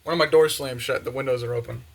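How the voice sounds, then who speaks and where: A young man chatting casually and excitedly, full of slang and fillers, while doing the dishes in his kitchen. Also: mid-range voice, quick pace, creaky, slightly rough. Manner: excited, slangy, many fillers, acts out quotes. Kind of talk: casual rambling monologue. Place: home kitchen with open windows.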